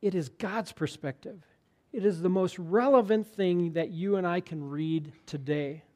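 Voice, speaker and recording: Male pastor, sermon delivery, slightly high voice, earnest and conversational, hushes for emphasis. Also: a little slow.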